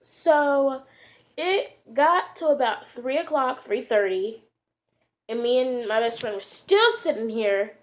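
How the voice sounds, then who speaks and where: Woman vlogger, slightly high pitch, casual rambling storyteller, slangy and filler-heavy. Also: expressive, slow. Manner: rambling, full of "like" and "you know", slangy.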